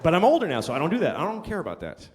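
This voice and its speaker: A middle-aged man doing stand-up in front of a live audience, his profane rants leaping up and down in pitch. His voice sits a little high for a man. The hall rings with long reverb, with a faint murmur behind. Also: huge pitch swings, rapid-fire, background noise. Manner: profane, ranting, shouts put-on voices. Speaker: stand-up comedian. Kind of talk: stand-up comedy set. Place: comedy stage before a live audience.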